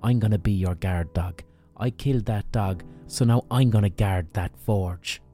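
A man's voice: lowish voice, unhurried, dark tone, soft background music, close to an everyday voice. A man voicing a young boy warrior, speaking earnestly and plainly. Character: young boy warrior, apologetic but bold.

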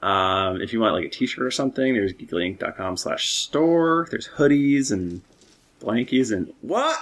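A man's voice: medium pitch, lively intonation, unhurried, fairly bright tone. A man hosting a podcast, laid-back and rambling, with hesitant fillers as he wraps up the show. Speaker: podcast host. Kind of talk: casual chat and show outro.

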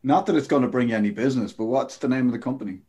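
A man's voice: medium pitch, very fast, a little mellow, slightly rough. A man with an Irish accent hosting a podcast, asking questions in a jokey, conversational way. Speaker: podcast host. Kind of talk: casual podcast interview.

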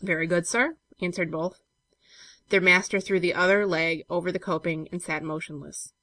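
A woman reading a classic story aloud in a measured, steady way. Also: on the low side, no room sound. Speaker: narrator.

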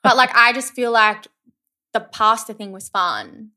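A young woman co-hosts a loose conversation. She teases her friend bluntly and swears without a second thought. Her voice is bright and cutting, pitched slightly high. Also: a little slow. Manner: teasing, blunt, swears freely. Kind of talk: casual chat.

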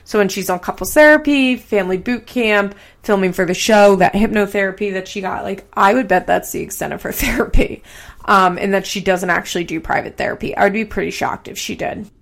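Podcast host, woman, mid-pitched with vocal fry, casual rambling commentary, swears freely. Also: a little fast. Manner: chatty, swears casually, heavy use of "like".

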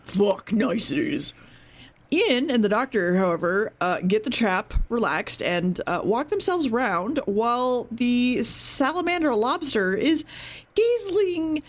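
A woman with a fairly high voice chats casually on a podcast, retelling what happened in an episode. She rambles, swears freely and keeps correcting herself mid-sentence. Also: lively intonation, measured pace. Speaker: podcast co-host recapping an episode.

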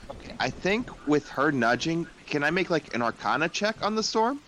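A man's voice: fairly high pitch, very animated, moderate pace, a bit bright, a little hiss or hum, low-quality recording. A man playing a tabletop game, talking casually and hesitantly. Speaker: player.

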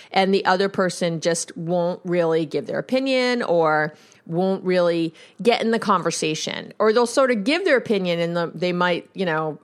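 Woman host, counselor, casual storyteller, conversational asides. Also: fairly low pitch. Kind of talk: casual podcast monologue.

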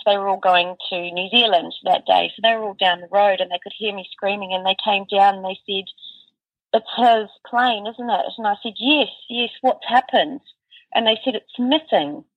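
A woman recalling a painful family memory in a halting voice, full of restarts and fillers. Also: medium pitch, no room sound. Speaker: interview guest. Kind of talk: emotional personal recollection. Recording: dull, distant, dry sound.

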